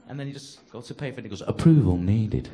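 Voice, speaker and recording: On a comedy club stage, a Northern English man from North-West England talks very fast at medium pitch, telling sweary, conversational stories into a handheld mic. Crowd noise and audience laughter fill the noisy live recording.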